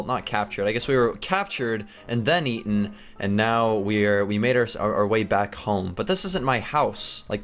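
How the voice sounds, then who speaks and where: A young man hosting a gaming channel, excitably commenting as he plays, yelping and laughing at close calls. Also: medium pitch. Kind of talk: playing a game with commentary.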